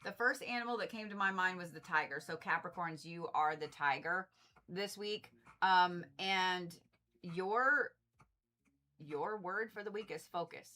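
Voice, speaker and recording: Bright-voiced blunt woman card reader. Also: fairly low pitch, measured pace. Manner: blunt, swears freely, repeats herself for emphasis; animated, exasperated asides. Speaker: Reiki and zodiac card reader. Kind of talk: casual livestream card reading.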